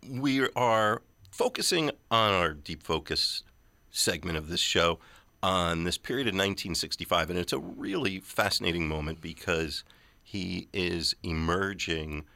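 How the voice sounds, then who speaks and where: A man's voice: sits low, unhurried, vocal fry, sharp tone, no room sound. A man hosting a radio interview, talking conversationally and setting out the background at length. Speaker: radio host.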